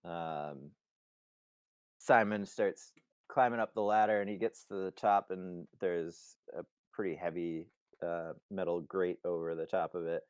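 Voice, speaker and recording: A man's voice: sits low, fairly even intonation, unhurried, a little mellow, smooth, no echo. A man narrating as game master of a tabletop game, in a hesitant way with many fillers.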